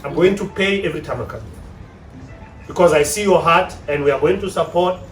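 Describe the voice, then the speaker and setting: A South African man giving an animated motivational talk on relationships to an audience. He acts out the voices of the people he quotes. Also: a little high, fairly quick, faint music behind. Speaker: relationship speaker. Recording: echoey room, distant mic, faint hum.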